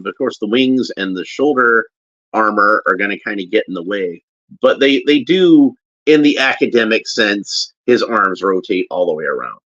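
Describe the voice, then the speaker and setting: Man, low voice, casual toy unboxing talk, halting with restarts, dull muffled sound. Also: fairly bright tone, dry recording. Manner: halting, with frequent restarts while handling a figure. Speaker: toy reviewer. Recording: dull lo-fi recording.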